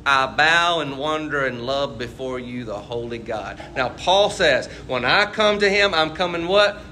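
A man's voice: on the high side, measured pace, hardly any pauses, bright, forceful tone, a little hiss or hum. A man preaching a casual, conversational sermon and asking his listeners questions as he goes. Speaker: pastor.

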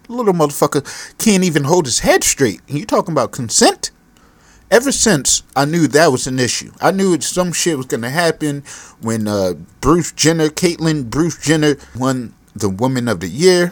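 On his solo podcast, a man who is a parent launches into a rambling, profane, exasperated rant. His voice is on the high side, with no room sound.

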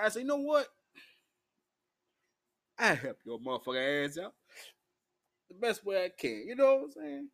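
A man's voice: high voice, very animated, moderate pace, pauses often, pushed and bright. A drunk man ranting in a profane, rambling monologue, hiccuping as he talks. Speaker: vlogger.

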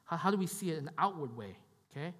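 A man's voice: on the high side, expressive, fast, fairly bright tone, big-room sound. A man preaching a sermon in a conversational way, often repeating himself and checking in with the congregation. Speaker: pastor.

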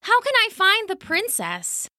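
A woman voicing an earnest, gentle young man in a storybook, exclaiming in a raised, eager voice. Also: wildly swooping pitch, measured pace, no echo, studio quality, exaggerated voice. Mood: anxious. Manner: eager, exclaiming, pitched up high. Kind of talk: storybook character voice.

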